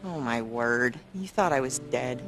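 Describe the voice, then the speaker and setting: A wisecracking adventurer in a game cutscene, ribbing his partner with mock outrage. His pitch swings widely as he jokes, and soft game music runs underneath. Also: lively intonation, a little slow. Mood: teasing. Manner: playful, mock-outraged banter. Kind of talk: video game cutscene acting.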